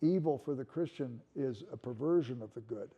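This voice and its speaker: A man's voice: mid-range voice, fairly quick, warm tone, breathy edge, dull audio. An older man giving a conversational classroom lecture, musing aloud and repeating words as he restarts.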